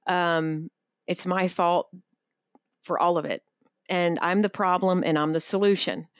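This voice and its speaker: A woman's voice: lowish voice, fairly even intonation, measured pace, clear, resonant tone, no room sound, studio quality. A woman co-hosting a casual podcast, talking candidly and bluntly, with some casual swearing.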